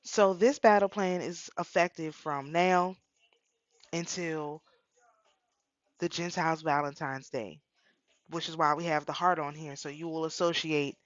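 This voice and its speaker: A woman's voice: deep voice, fairly even intonation, a little slow, long pauses, dry recording, lo-fi sound. A middle-aged woman talking casually about spiritual practice, telling a personal story with repeated phrases. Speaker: spiritual channel host.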